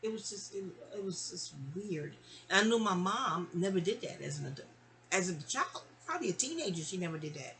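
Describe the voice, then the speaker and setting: A woman from New York tells a personal story in a bright, ringing voice. She rambles and digresses, addresses her listener directly, and slips into other people's voices when she quotes them. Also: mid-range voice, animated, brisk, low-quality recording. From New York (Queens). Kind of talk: casual storytime monologue.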